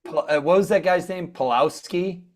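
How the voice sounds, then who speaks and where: A man's voice: high-pitched, normal speed. A veteran hockey player, a man teased as old, telling wry, boastful stories. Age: older adult. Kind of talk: casual chat.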